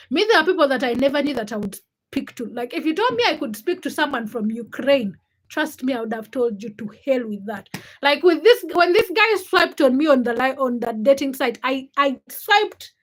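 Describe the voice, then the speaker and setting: A young woman in her twenties hosting a livestream, speaking her opinions in an outspoken, animated way and greeting viewers from the chat. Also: high voice. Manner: outspoken, animated, thinks aloud with restarts. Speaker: livestream host. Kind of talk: casual livestream chat, reading viewer comments.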